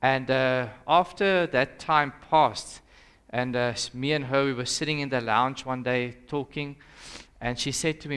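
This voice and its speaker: A man's voice: mid-range voice, steady tone, a little slow, a bit bright, smooth. A young South African man, a pastor, leading an interactive Sabbath school lesson and putting questions to the audience in a conversational way. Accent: South African English.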